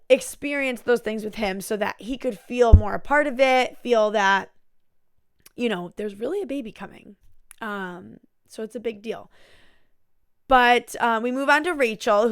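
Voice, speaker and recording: A woman's voice: fairly high pitch, fairly bright tone, no room sound, clean studio sound. A woman hosting a casual recap of a reality TV episode, chatty and full of fillers, giving blunt opinions. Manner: chatty, filler-heavy with um, like and you know. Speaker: TV recap show host.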